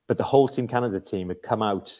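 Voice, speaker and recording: A man's voice: on the low side, quick pace, darkish tone. A middle-aged British man telling hockey stories as a podcast guest, rambling with many restarts and laughing at his own tales. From Britain. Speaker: podcast guest, former ice hockey captain. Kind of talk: casual storytelling chat.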